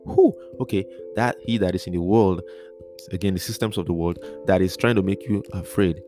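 Low-voiced man teaching over guitar. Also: fairly even intonation, brisk, dark tone. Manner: earnest, repetitive, spells out words letter by letter. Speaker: Bible teacher. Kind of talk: podcast Bible teaching.

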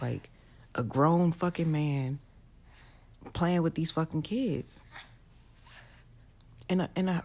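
A woman's voice: low voice, warm tone. A young woman, ranting bluntly and profanely to camera in a casual vlog. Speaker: vlogger.

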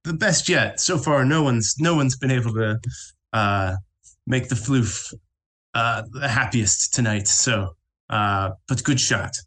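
A man's voice: medium pitch, slow pace, fairly bright tone. A man playing a cheery bearded carnival barker woman.

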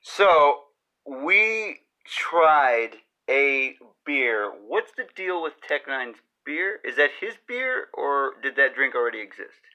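A man's voice: mid-range voice, very animated, takes it slowly, pushed and bright, low-quality recording. A man hosting a podcast, chatting over beers with a teasing, sarcastic, joking manner. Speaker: podcast host. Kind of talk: casual chat over beers.

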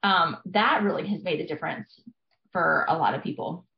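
A woman's voice: sits low, moderate pace, vocal fry. A woman in her thirties, a family therapist, explaining things earnestly in a conversational interview with frequent fillers. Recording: echoey, dull lo-fi sound.

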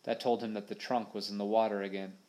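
A man's voice: fairly low pitch, little pitch movement, fast talker, dark tone. A man reading an adventure audiobook aloud in a dramatic, vivid storytelling manner. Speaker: audiobook narrator. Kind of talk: scripted narration.

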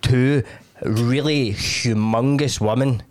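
A man's voice: mid-range voice, slow. A young Scottish man hosting a podcast, rambling and swearing through casual chat. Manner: swearing, rambling, lively storytelling. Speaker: podcast host.

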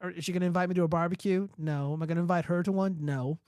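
A man's voice: high voice, steady tone, rapid-fire, darkish tone, clean tone, no echo, studio quality. A man hosting a livestream, ranting casually and profanely while answering chat. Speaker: livestream host.

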